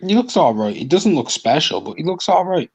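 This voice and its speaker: A man co-hosting a casual boxing livestream, blunt and quick to correct the others. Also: on the high side, very animated, darkish tone, husky. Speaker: boxing show co-host. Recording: dull lo-fi audio.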